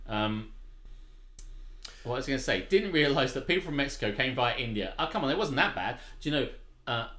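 A man's voice: medium pitch, fairly bright tone, echoey room. A British man co-hosting a podcast, chatting casually, rambling through stories and laughing often. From Britain. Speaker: podcast co-host. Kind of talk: casual chat.

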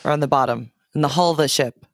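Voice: medium pitch, fast talker, no room sound, clean studio sound. A podcast co-host in casual chat, joking, riffing on bits and laughing often. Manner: joking, laughs a lot, riffs on jokes.

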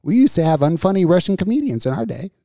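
A man's voice: high voice, very animated, fast, vocal fry, warm tone, no room sound, studio quality. A middle-aged man co-hosting a comedy radio talk show, ranting and joking with plenty of profanity. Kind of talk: casual comedic chat.

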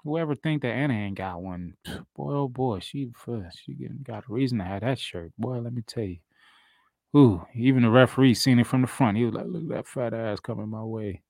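A man's voice: medium pitch, fairly quick, creaky, darkish tone, no echo. A man co-hosting a wrestling podcast, talking loosely and profanely with frequent laughs. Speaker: podcast co-host. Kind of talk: casual wrestling talk.

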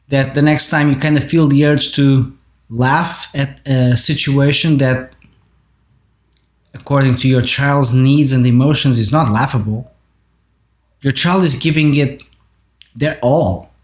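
A man giving an earnest monologue on parenting, speaking directly to parents. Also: on the high side. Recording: roomy echo.

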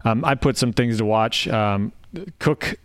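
A man's voice: fairly low pitch, a little slow, clear, resonant tone, no room sound. Dry, teasing man in a football chat. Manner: dry, teasing, sarcastic jokes. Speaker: podcast co-host. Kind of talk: casual sports chat.

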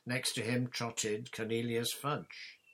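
A man reading a storybook chapter aloud as narrator in a steady, even manner. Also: mid-range voice, slow pace. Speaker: audiobook reader.

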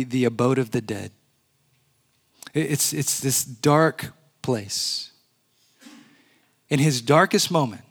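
A male pastor preaching a sermon in a church, earnest, slowing and dropping to a hush on key words. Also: mid-range voice.

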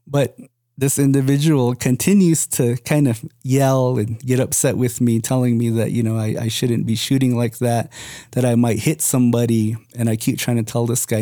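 A man's voice: medium pitch, flat delivery, brisk, warm tone, no room sound, clean studio sound. A young man telling a personal story casually, rambling with many fillers. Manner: rambling, many "you know" and "kind of" fillers.

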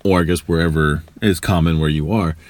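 A man's voice: a bass voice, fairly even intonation, brisk, a little mellow. A man co-hosting a podcast, riffing on jokey ideas and acting out little bits of dialogue. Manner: riffing, jokey, acts out silly voices. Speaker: podcast co-host. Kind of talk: casual chat.

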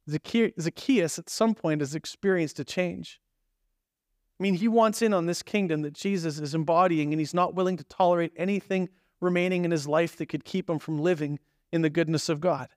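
A man's voice: sits high, a little mellow, no echo, studio quality. A man preaching a sermon as pastor, telling the story in a conversational, emphatic way with acted asides.

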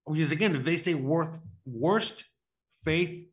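Man, podcast co-host, rambling, crude, fillers, slightly high voice. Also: unhurried. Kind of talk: casual chat.

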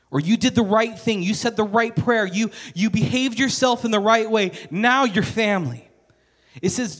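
A man's voice: high-pitched, animated, moderate pace, fairly bright tone, in a large hall. A male pastor preaching a sermon in an earnest, conversational way, building to emphatic repetition.

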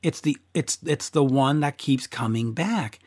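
A man hosting a casual interview, chatty and relaxed, swearing now and then. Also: mid-range voice, a little slow. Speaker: podcast host.

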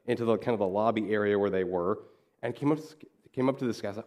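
A man's voice: lowish voice, fast, a little mellow. A man preaching a sermon in a conversational way, telling a story and acting out the dialogue. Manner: conversational, acts out quoted dialogue. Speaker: pastor. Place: church.

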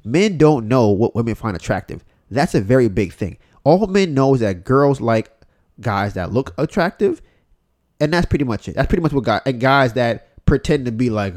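A man's voice: medium pitch, big pitch swings, moderate pace, darkish tone. A man hosting a casual podcast, talking bluntly with plenty of swearing and often acting out what other people said. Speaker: podcast host.

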